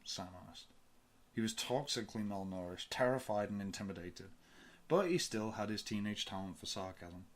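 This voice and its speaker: A man reading a science-fiction audiobook in a low, steady voice. His storytelling is measured and even, pausing between phrases. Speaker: audiobook reader. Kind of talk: fan audiobook narration.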